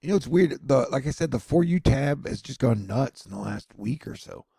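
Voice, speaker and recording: A man's voice: mid-range voice, expressive, moderate pace, dark tone, husky, dry recording. A man giving casual, rambling news commentary with sardonic, self-mocking asides.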